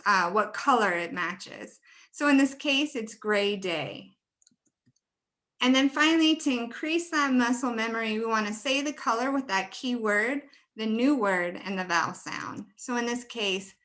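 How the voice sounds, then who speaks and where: A woman with a bright, high-ish voice runs a webinar on pronunciation over a computer mic. She stretches out words slowly and carefully so listeners can copy them. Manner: slow, careful modeling of words. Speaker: teacher trainer. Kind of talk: webinar teaching.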